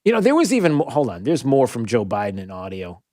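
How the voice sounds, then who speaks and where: A man hosting a talk radio show, giving an emphatic opinion monologue that rises to near-yelling when he gets riled. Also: mid-range voice, wildly swooping pitch, quick pace, dry recording, clean studio sound.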